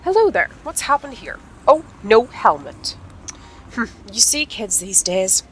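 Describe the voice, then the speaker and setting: A woman voicing a brisk female village vet who clucks and scolds mildly, reading game dialogue aloud. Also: on the high side, sing-song, fairly bright tone, a little hiss or hum, pitched above the performer's own voice, low-quality recording. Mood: scolding.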